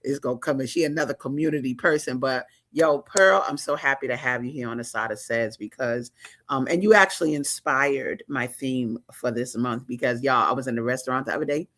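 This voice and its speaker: A woman from Chicago hosting a casual interview show, talking in an excited, playful way full of slang. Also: extremely low pitch, fairly quick. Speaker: talk show host.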